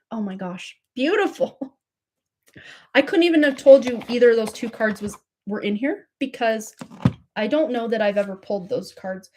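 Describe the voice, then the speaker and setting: Woman, tarot reader hosting a live stream; slightly high voice, effusive, chatty, spiritual. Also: darkish tone. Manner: effusive, breathless, spiritual, many likes and fillers. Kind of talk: live tarot reading, casual and gushing.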